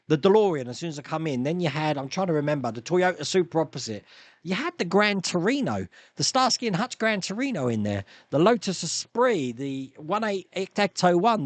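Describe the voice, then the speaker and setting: Guy rambling on his live stream, bit high voice, dry close sound, laughs a lot. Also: sing-song, moderate pace, dry recording. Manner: chatty, rambling, laughs often, many restarts. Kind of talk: casual chat reading viewer comments.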